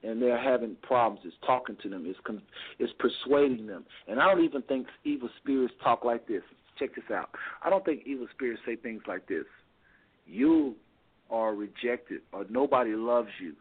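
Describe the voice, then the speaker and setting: A man's voice: mid-range voice, lively intonation, a little fast, breathy edge. Man, call-in radio host, preachy, phone-line audio. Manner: preachy, repeats phrases for emphasis.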